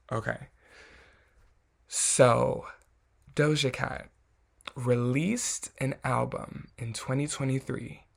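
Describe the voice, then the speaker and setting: A man's voice: mid-range voice, gravelly. A man chatting casually to his viewers, loose and slangy, full of "like" and "um". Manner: chatty, many fillers like "like" and "um"; slangy and candid. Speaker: vlogger. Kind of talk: casual chat to camera.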